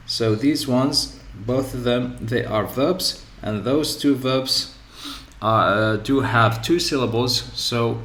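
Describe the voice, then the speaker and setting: Male teacher, measured slow delivery, mid-pitched, repeats example words, echoey classroom sound. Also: a bit bright. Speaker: English teacher. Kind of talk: grammar lesson. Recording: echoey room.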